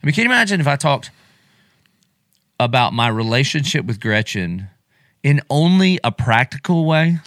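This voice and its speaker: A man's voice: mid-range voice, normal speed, long pauses, no echo, studio quality. A middle-aged man, a pastor hosting a podcast, talking casually and emotionally, acting out quotes as he goes. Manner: animated, emotional, acts out quotes.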